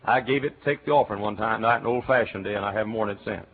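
Older male Texan Baptist preacher; folksy anecdotes, sudden loud shouts; thin phone-like audio. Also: fairly low pitch, racing, husky. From Texas. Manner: folksy storytelling, bursts into loud cheers and shouts. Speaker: Baptist pastor. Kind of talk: sermon. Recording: tinny lo-fi sermon recording with faint hiss.

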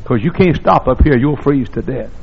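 An older man from the South, a pastor, preaching a sermon, husky and gravelly, and now and then breaking into sudden loud shouts. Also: mid-range voice, lively intonation, moderate pace. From American South. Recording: dull lo-fi sermon recording.

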